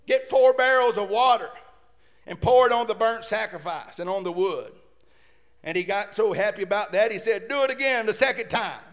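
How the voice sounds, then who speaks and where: A man preaching a sermon, shouting fervently at times and reading scripture aloud with playful asides. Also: sits high, animated, moderate pace. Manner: playful asides while retelling the story.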